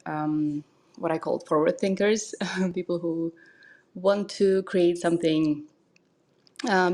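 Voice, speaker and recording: A woman who is a mindset coach, talking in a hesitant, thinking-aloud way with many pauses, with Russian as her first language, on an audio chat room. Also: lowish voice, a little mellow. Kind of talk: casual podcast talk.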